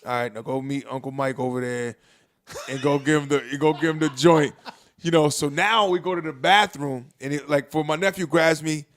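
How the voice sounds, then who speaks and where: A man's voice: a little high, fairly quick. A young man cohosting a podcast, telling a long profane story with laughter and acted-out quotes. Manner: animated, profane, laughs through his story; swings loud and soft acting out quotes. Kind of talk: casual storytelling chat.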